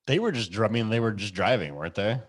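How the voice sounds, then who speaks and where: A man's voice: fairly low pitch, lively intonation, fast talker. A man co-hosting a podcast over a video call, giving wry, easygoing replies. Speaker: podcast co-host.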